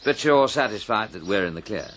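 A brisk gentleman sleuth. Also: fairly low pitch, lively intonation. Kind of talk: radio drama acting.

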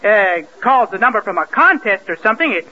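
Brief: man, naive boyish radio comedy regular, high voice, faint hiss on an old broadcast. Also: sing-song, a little fast, bright, forceful tone, dull audio.

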